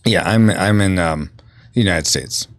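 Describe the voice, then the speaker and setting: A man with a low, slightly slow voice hosts a podcast, chatting casually as he plays a video game and reads chat messages aloud. He's from California and Colorado.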